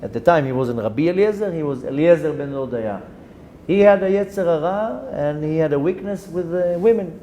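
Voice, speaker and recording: A man, a rabbi giving a Torah lesson, telling a story with animated delivery, dropping in Hebrew terms and restarting his sentences. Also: a little high, a little fast, slight background noise. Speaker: rabbi teaching a Torah class.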